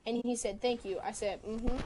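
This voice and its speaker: A woman on a livestream telling a story in a casual way, quickly quoting both sides of a text argument. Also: a little high, fairly even intonation, background noise. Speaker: livestream host.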